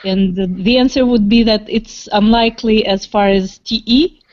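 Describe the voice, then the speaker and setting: A woman's voice: medium pitch, fairly even intonation, moderate pace, darkish tone. Hesitant woman on muffled call audio. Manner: thoughtful, hesitant with many fillers. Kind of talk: casual group video call chat.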